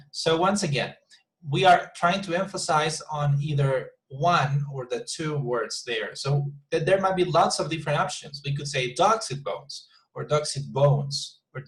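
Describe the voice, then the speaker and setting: A man teaching an online English class, patiently repeating example sentences slowly with the stress moved around. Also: on the high side, fairly bright tone, rough recording.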